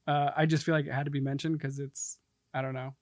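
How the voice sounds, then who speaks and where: A man's voice: mid-range voice, flat delivery, fast, dry recording, clean studio sound. A man co-hosting a podcast, recapping a movie in casual chat and laughing often. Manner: laughs often, brief agreeing replies. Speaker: podcast co-host.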